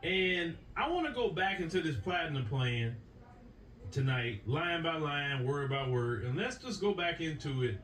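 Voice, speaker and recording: A man's voice: fairly high pitch, expressive, unhurried, a bit bright, recorded from a distance. An American man hosting a political commentary show, delivering an opinion monologue to viewers in an emphatic, repetitive style that drives his points home. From United States. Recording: echoey room, voice away from the mic, faint noise.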